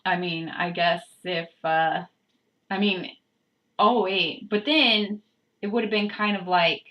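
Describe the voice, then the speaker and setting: A woman's voice: lowish voice, slow, highs cut off. A woman vlogger reading a book aloud, breaking off with chatty, giggly asides. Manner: chatty, self-interrupting, giggly. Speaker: channel host.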